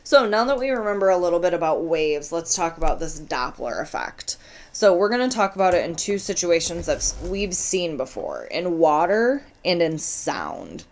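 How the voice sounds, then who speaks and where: A woman explaining a science lesson in a relaxed, chatty way, often asking her students questions as she goes. Her voice sits a little low, but it rises and falls a lot. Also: normal speed. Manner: casual, addresses students directly with questions. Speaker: science teacher. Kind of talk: recorded classroom lesson.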